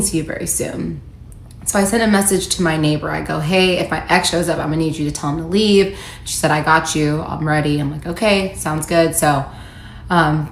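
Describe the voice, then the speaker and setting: A young woman tells her own story straight to the camera, candid and wry, reading out old messages without putting on voices. Her voice sits a little low, and the echoey room has a faint hum behind it.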